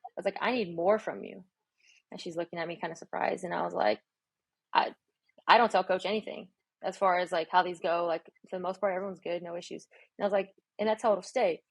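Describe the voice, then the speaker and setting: A woman's voice: fairly low pitch, fairly quick, gravelly, breathy edge, no echo. A woman strength coach telling a story in a casual podcast chat, acting out her own dialogue with energy. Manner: animated, acts out her own quoted dialogue. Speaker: strength and conditioning coach, guest.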